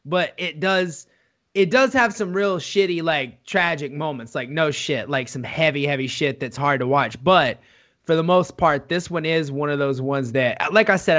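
Male podcast co-host, high voice, excitable, profane, casual. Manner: excitable, swears freely, fast bursts. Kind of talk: casual chat.

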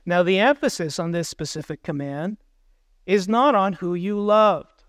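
A man's voice: high voice, unhurried, clean tone, no room sound. A man preaching a sermon as pastor, earnest, putting questions to the congregation.

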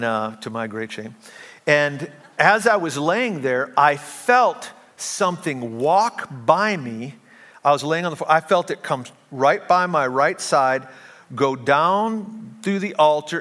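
A man's voice: on the high side, a bit bright, big-room sound. A middle-aged male pastor preaching a sermon, telling stories with humor and self-deprecating asides. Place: church sanctuary.

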